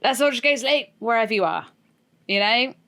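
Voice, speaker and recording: A woman's voice: a little high, lively intonation, a little fast, fairly bright tone. Reassuring British woman co-host. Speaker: podcast co-host. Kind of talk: casual chat.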